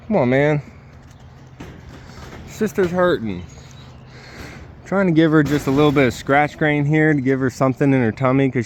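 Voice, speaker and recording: A man vlogging from his homestead, talking softly and worriedly to a sick goat at the pen. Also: medium pitch, a little hiss or hum. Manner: soft, worried, talks gently to his goats. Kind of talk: casual vlog with animals.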